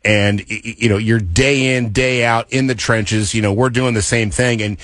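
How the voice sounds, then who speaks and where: A man's voice: medium pitch, steady tone, normal speed, a bit bright, no room sound, clean studio sound. A male radio host interviewing a guest, encouraging him and often stumbling into restarts.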